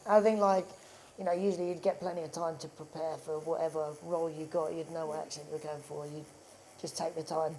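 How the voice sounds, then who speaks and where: A man's voice: fairly high pitch, little pitch movement, quick pace, darkish tone, a little hiss or hum. A man with an English accent, an actor guest in a casual chat in a tattoo studio, talking loosely with many "like"s and "do you know what I mean".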